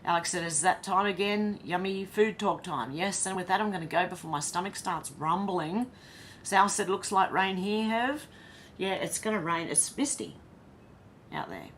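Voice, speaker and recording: An Australian woman chats casually while reading out viewer comments, answering each one. Her voice sits fairly low, with a faint rumbling hiss behind it. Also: expressive, normal speed, a bit bright. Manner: chatty, reads comments aloud and reacts. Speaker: livestream host reading chat.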